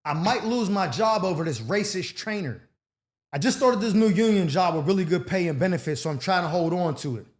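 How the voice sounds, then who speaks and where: A man's voice: high voice, animated, a little fast. A man hosting an advice show, reading viewer letters and answering with blunt, slangy, streetwise commentary in a casual chat style.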